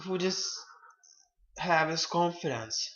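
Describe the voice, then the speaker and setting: Man giving halting self-help advice. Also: fairly high pitch, expressive, a bit bright, lo-fi sound. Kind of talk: casual advice talk.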